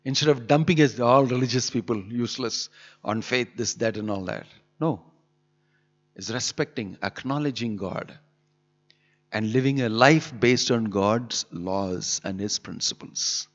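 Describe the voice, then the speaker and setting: A man's voice: mid-range voice, measured pace. A man preaches a sermon in a mid-range voice, firing off scolding rhetorical questions with strong emphasis. The recording sounds a little muffled and dull. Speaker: spiritual teacher. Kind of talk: sermon on scripture.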